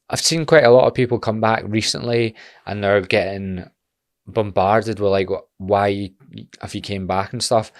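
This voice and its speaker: A man's voice: lowish voice, no room sound, clean studio sound. A Scottish man in his twenties talking bluntly and animatedly in a casual podcast monologue, swearing freely. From Scotland. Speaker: podcast host.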